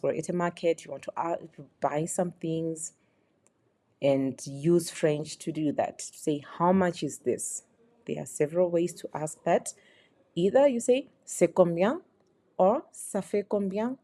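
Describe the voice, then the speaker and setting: Slow, low-voiced woman teaching phrases. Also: dark tone. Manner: slow, patient explaining with repeated examples. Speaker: French teacher.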